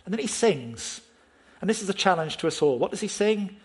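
A man's voice, pitched a little above the usual male range, delivers a sermon. He speaks with firm emphasis and keeps turning to his listeners with questions. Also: animated, a little fast. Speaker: preacher.

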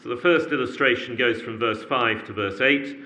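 Male preacher, earnest sermon delivery with repeated words for emphasis, bright tone. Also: medium pitch, moderate pace, a little hiss or hum.

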